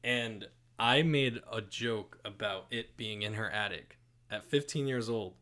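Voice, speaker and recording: A man's voice: lowish voice, a little slow, sharp tone. A man in his twenties co-hosting a casual podcast, telling stories with lots of hesitant fillers. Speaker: podcast co-host. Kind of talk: casual chat.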